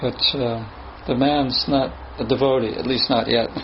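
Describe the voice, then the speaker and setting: A man's voice: mid-range voice, fairly even intonation, moderate pace. A man telling a story casually, with restarts and laughs. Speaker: spiritual teacher telling a story. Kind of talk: storytelling talk. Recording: dull sound with faint ambient noise.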